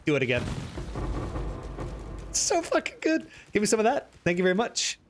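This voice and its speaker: High-pitched excitable man streaming a game. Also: very fast, soft background music. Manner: excitable, profane, teasing chat, reading questions aloud. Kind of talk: live gameplay stream, chatting with viewers.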